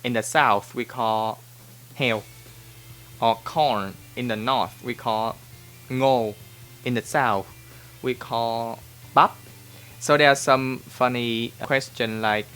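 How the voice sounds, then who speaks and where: A man's voice: mid-range voice, fairly even intonation, slow pace, pauses often, fairly bright tone, clean tone, soft background music. Vietnamese-accented man teaching casually. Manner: chatty and informal, often checking in with the viewer. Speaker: language teacher answering viewer questions. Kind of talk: casual Q&A lesson to camera.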